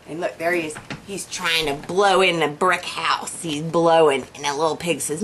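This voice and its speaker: A woman reading a children's story aloud to her child, expressive and stopping to point out the pictures. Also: lowish voice, moderate pace, few pauses, a little hiss or hum, poor audio. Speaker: storyteller and mother.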